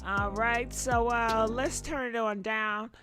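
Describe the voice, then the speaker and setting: A woman's voice: a little high, slow, music in the background. A woman hosting a live gossip show, exclaiming and talking straight to her viewers. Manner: animated, exclamatory, talks to chat directly.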